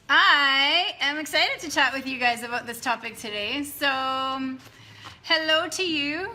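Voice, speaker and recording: A woman's voice: sits high, animated, a little slow, noisy background. A woman coaching her business team in a casual live video at night, greeting viewers by name and talking loosely. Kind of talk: casual live-stream chat to followers. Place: dim room at night.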